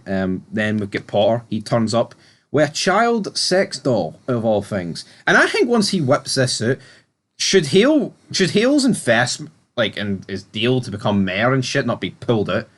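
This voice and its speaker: Man, podcast co-host, casual TV review chat, laid-back, swears in passing, mid-pitched voice. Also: a bit bright. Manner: laid-back, recaps scenes with sweary asides.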